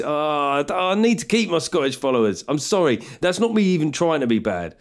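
A man's voice: a little high, sing-song, normal speed, hardly any pauses. A man hosting a podcast, chatting casually and joking, with bursts of mock voices. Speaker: podcast host and comedian. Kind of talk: casual comic monologue.

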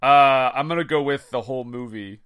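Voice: medium pitch, normal speed, noisy background. A co-host on a casual movie-review podcast, dropping dry, teasing quips.

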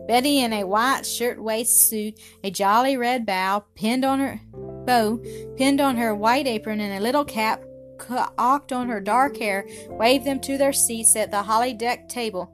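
A woman's voice: a little high, a little slow. Woman reading a story over music. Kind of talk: scripted narration. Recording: music playing behind the voice.

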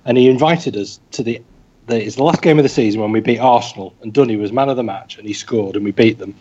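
Man, husky, wry storyteller, slightly muffled recording. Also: medium pitch, fast talker, dark tone. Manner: wry, self-deprecating anecdotes. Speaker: podcast co-host. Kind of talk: casual storytelling.

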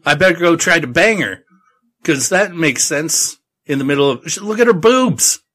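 A man's voice: on the high side, animated, moderate pace, a bit bright. A man doing a brash, lecherous schemer. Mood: leering. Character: reckless, impulsive grown man, lecherous and scheming.

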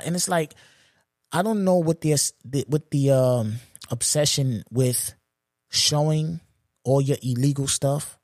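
A man in his forties hosts a solo podcast, his voice sitting a little high. He rants in a loose, profane, animated way and laughs at his own jokes. The sound is dry and close to the mic. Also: takes it slowly, long pauses, no room sound. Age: 40s. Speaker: podcast host. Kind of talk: solo comedic podcast rant.

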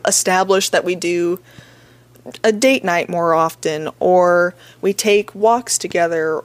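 A woman's voice: mid-range voice, no echo. A young woman co-hosting a podcast, reading listener questions aloud and giving earnest, supportive advice in a casual tone. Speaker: podcast co-host.

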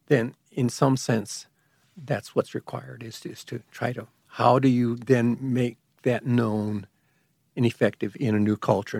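A man in a calm, measured conversation, explaining church matters at length with occasional restarts. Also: mid-range voice, vocal fry, husky, dry recording, studio quality. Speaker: guest expert on liturgy.

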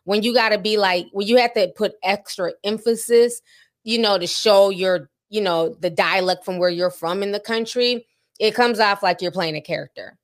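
A chatty woman co-hosting a casual podcast, her talk loose and full of fillers. Her pitch sits mid-range for a woman. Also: normal speed. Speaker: podcast co-host. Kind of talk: casual chat with read sponsor spot.

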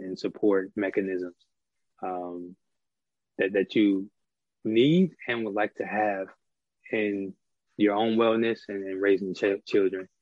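A man's voice: fairly low pitch, no room sound, highs cut off. A middle-aged man talking through ideas in a casual conversation, with many fillers and restarts. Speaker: podcast guest.

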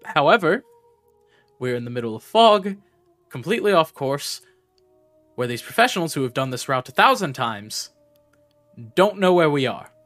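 A man playing his character in a tabletop game, speaking in a measured, reasoning way. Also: fairly high pitch, very animated, a bit bright, soft background music. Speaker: player. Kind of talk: in-character tabletop role-play.

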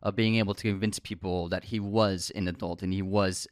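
A man's voice: low voice, steady tone, a little fast, clean tone, no room sound, studio quality. A man casually discussing a film as a podcast co-host, talking conversationally with frequent restarts.

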